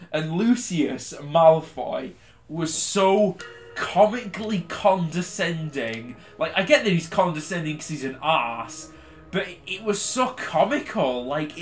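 Young guy ranting and swearing over a game, bright, slightly high voice. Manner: sweary ranting, laughs a lot. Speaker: game reaction host. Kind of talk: casual game commentary.

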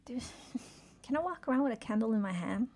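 A woman's voice: on the high side, lively intonation, a little fast, darkish tone. Chatty woman streamer, cursing at her game. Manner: swears often, exclaims in frustration; chatty, reads chat aloud and answers it. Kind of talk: casual gameplay commentary.

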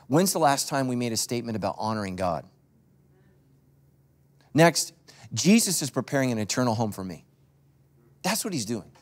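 A man preaching as a pastor to his congregation, telling funny stories in a loose conversational sermon that he speaks straight to the crowd. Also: mid-range voice. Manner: joking storyteller, talks straight to the congregation. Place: church stage before a congregation.

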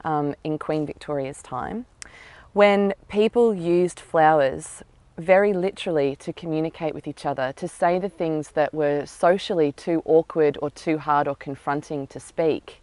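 A woman's voice: deep voice, a little slow, darkish tone, no echo. A woman author, speaking thoughtfully and earnestly outdoors about her novel, with some fillers. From Australia. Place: outdoors in botanical gardens.

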